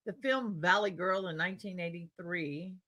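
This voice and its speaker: A woman's voice: fairly low pitch, moderate pace, pushed and bright. A woman with a Tidewater Virginia accent hosting a live stream, chatting casually and rambling as she reads comments aloud.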